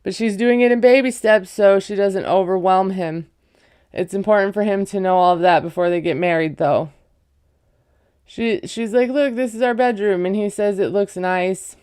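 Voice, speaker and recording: Her voice is medium in pitch, smooth, and a little mellow, at a moderate pace. As a recap vlogger and parent, she rambles through a reality show episode in a casual way, heavy on fillers and saying "like" and "you know" constantly.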